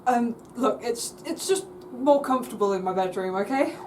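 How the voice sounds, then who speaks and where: A woman's voice: a little high, expressive, moderate pace, darkish tone, slight background noise, lightly acted. A woman playing an embarrassed young adult caught out by her mother, stammering and flustered, recorded from a distant mic. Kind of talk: comedy sketch acting.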